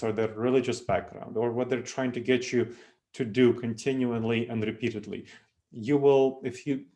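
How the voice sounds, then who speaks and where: A Moldovan man in his thirties, with a Moldovan accent and a medium-pitched voice, presents a webinar over a video call. He lectures in a lively, self-deprecating way and often restarts his sentences.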